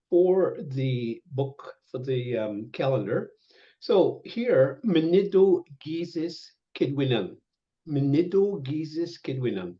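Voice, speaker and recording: An older man teaching an online language lesson, speaking slowly and patiently and repeating each word several times over a video call. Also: mid-range voice, mellow. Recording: dull lo-fi webinar audio.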